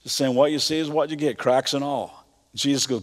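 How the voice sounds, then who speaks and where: A man's voice: mid-range voice, steady tone, fairly quick. A middle-aged man with a Kentucky accent, preaching a sermon in a folksy, conversational way with frequent stammered restarts. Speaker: pastor. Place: church auditorium. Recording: church hall reverb.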